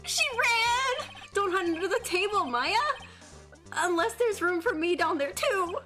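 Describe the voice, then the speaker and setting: A woman voicing a perky, excitable teenage girl sidekick. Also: very high voice, a little slow, over music, voice pushed up. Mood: excited.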